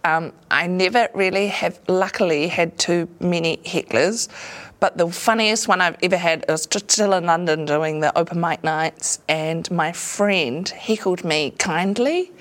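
Lively New Zealand woman telling stories. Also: on the low side, a little slow. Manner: lively storyteller who acts out voices and laughs often. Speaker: comedian and actor. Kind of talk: casual anecdotes in an interview.

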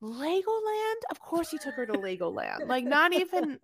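Bright-voiced gossipy woman podcaster. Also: high-pitched, big pitch swings, fairly quick. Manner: gossipy, profane, sprinkles in "honey". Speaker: podcast co-host. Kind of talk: casual reality-TV recap chat.

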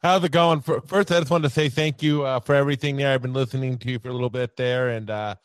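A man appearing as a podcast guest, talking in an animated casual way, laughing often and tagging sentences with "right" and "you know". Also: medium pitch, fast, clean tone, dry recording, clean studio sound. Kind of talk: casual chat.

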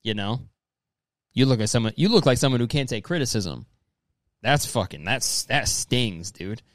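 An animated young man with a mid-range, slightly bright voice reads messages aloud at normal speed, riffing on them in casual comedic commentary. He's profane and rambling, says "dude" constantly, and keeps slipping into exaggerated mocking voices, with no echo.

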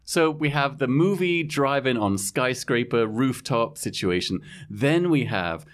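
A man's voice: mid-range voice, animated, unhurried. Guy hosting a chatty podcast, rambles a lot, laughs easy, bouncy voice. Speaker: podcast host. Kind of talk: casual chat.

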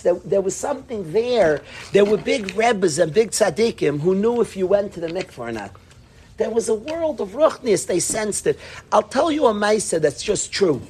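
A man's voice: high voice, darkish tone, a little hiss or hum. A man, a yeshiva rabbi, giving a mussar talk to students, impassioned and scolding, often repeating and restarting his phrases.

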